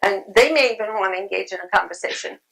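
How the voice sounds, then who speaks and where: A woman's voice: medium pitch, quick pace, creaky, fairly bright tone, poor audio. A woman giving a conversational talk at a convention, repeating phrases and saying um often. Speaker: convention speaker. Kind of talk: conference talk. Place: convention room.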